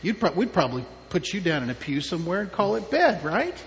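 Male pastor, children's sermon, high lively voice, long church reverb, dull sound, faint hum. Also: quick pace. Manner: animated storytelling with questions to children.

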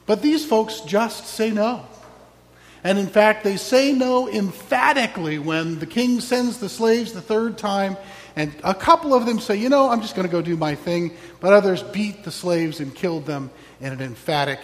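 A man's voice: high-pitched, expressive, measured pace, big-room sound. A man preaching a sermon as pastor, reflective with wry asides.

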